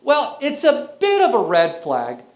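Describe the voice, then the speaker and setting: A man's voice: very high voice, huge pitch swings, a little slow. A man in his thirties doing a stand-up comedy set, telling conversational, self-mocking stories on a club stage. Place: club stage before a live audience. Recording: echoey venue with audience noise.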